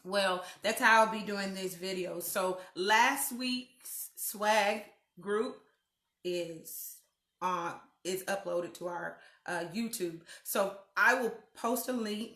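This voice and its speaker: Woman live-stream host, slow, chatty, bright voice, echoey living room. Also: mid-range voice. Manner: chatty, greets viewers by name, slow and drawn out. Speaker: host of a weekly live video chat. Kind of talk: casual live-stream chat.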